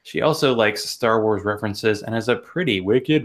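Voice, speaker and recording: A man's voice: lowish voice, moderate pace. A man hosting an interview podcast, delivering a playful, exaggerated intro and joking with his guest. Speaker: podcast host.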